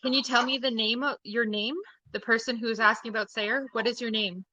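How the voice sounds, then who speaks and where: A woman's voice: a little high, steady tone, fairly quick, sharp tone, no echo, rough recording. A woman hosting a live-stream seance, hesitant at times and repeating aloud what she says she hears. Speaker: host leading a live seance.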